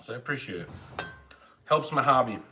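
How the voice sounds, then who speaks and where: A man's voice: mid-range voice, animated, brisk, sharp tone, slight background noise. A man hosting a live stream from home, chatting casually and rambling while he eats, with jokes at his own expense. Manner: rambling, self-mocking, chatty. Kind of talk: casual chat while eating. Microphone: phone.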